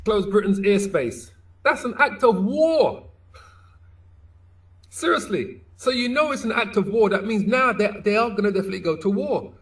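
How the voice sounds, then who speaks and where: A man's voice: high-pitched, expressive, normal speed, a bit bright, distant mic. A man hosting casual commentary, preaching and quoting scripture. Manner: preachy, quotes verses.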